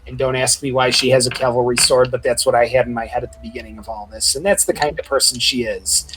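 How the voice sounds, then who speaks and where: A man's voice: medium pitch, steady tone, fast talker, background noise. A man narrating a tabletop game as game master, rambling and full of filler words.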